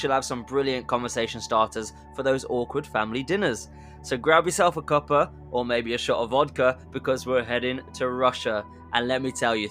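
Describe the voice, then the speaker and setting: Man, comedy podcast host, mid-pitched voice, chatty, jokey asides, emphatic bursts. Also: fairly bright tone.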